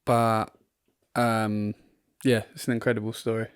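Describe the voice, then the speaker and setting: A man's voice: on the low side, flat delivery, a little slow, smooth, no echo, studio quality. A man from England co-hosting a football podcast, chatting casually and rambling with frequent laughs, recorded in his front room. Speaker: podcast co-host.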